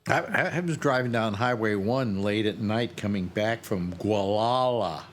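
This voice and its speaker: A man's voice: fairly low pitch, a little slow, a little hiss or hum. A man on a talk panel, bantering and mock-complaining to his friends. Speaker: panel member. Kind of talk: casual banter.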